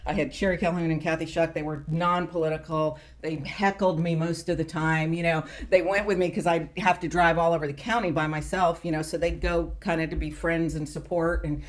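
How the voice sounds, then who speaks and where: A middle-aged woman on a political round table, telling a story in a casual, animated way and acting out what people said. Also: low voice, a little fast, few pauses. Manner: animated storyteller who acts out quotes.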